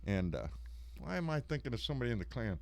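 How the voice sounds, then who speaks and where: A man's voice: mid-range voice, big pitch swings, quick pace, vocal fry, no echo. A middle-aged man, hosting a live stream in casual, rambling, folksy chat and swearing freely. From Texas. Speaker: live show host.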